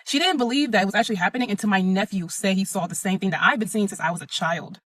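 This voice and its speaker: A woman's voice: mid-range voice, quick pace, dry recording. A young adult woman telling her own story in a blunt, emphatic, profane way. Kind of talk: casual first-person storytelling.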